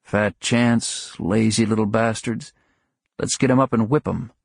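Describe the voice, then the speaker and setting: A man's voice: on the low side, unhurried, no room sound, clean studio sound. A man doing a wry, sardonic shop-clerk husband. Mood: mock-gruff. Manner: sardonic, mock-gruff banter. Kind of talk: audiobook character reading.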